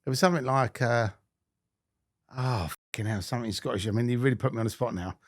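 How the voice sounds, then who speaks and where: A man's voice: mid-range voice, fast, slight background noise. A man hosting a podcast, chatting in easygoing banter and laughing often. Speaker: podcast host. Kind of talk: casual chat.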